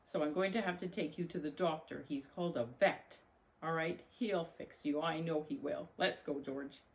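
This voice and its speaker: A woman's voice: sits low, vocal fry. A woman voicing a dog owner who firmly and patiently teaches her dog, drawing out each word. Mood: worried. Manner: slow, emphatic teaching tone, drawn-out words.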